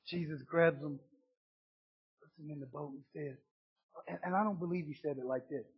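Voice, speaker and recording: A man preaching a sermon with emphatic, repetitive phrasing that swings between loud declarations and hushed passages. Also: on the high side, fairly quick, breathy edge. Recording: dull lo-fi recording.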